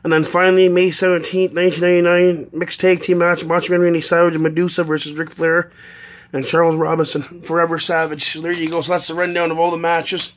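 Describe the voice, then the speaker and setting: A man's voice: on the high side, little pitch movement, quick pace. A man from Canada in a casual unboxing vlog, reading out a long list with many ums. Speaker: vlogger.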